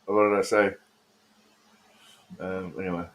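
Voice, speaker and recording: A man's voice: sits low, flat delivery, measured pace, heavy background noise. An Australian man streaming live, joking and rambling as he talks to his chat by name while reacting to trailers.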